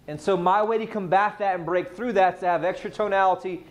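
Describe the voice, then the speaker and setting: Guy running a sales training in front of a room, fairly high voice, punchy, keeps quizzing people. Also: lo-fi sound. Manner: energetic, quizzes the audience, rapid questions. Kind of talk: live sales training talk. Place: training room with a live audience.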